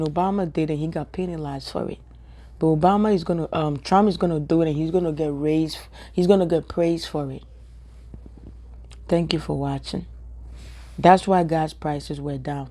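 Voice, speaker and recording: A woman with a Ghanaian accent speaks straight to her viewers in an emphatic, repetitive rant. Her voice is mellow and warm, and she drives each point home by saying it again. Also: low-pitched. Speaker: social media commentator. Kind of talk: direct-to-camera opinion rant.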